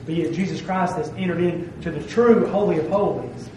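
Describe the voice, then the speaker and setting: A man's voice: on the high side, moderate pace, darkish tone, a little hiss or hum. A man preaching a sermon with emphasis, stressing his phrases and asking "okay?" to check that he is followed. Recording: very echoey room, heard from a distance.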